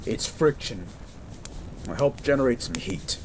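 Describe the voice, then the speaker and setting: A man playing a gruff but caring young medical student in a romantic audio roleplay, pleading and tender. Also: medium pitch, animated, unhurried, slight background noise, lightly acted. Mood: tender worried.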